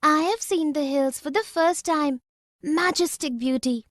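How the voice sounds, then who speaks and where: A woman reading the lines of a short scripted dialogue with bright, exclamatory delivery. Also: high voice, a little slow, no echo, clean studio sound. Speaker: dialogue reader.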